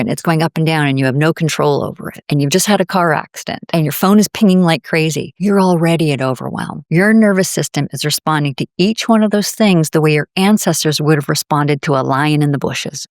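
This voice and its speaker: A woman guest on a podcast, calmly explaining how the body reacts to stress and acting out little inner voices. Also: low voice, gravelly, no echo, studio quality. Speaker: podcast guest, nervous system coach. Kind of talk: conversational podcast interview.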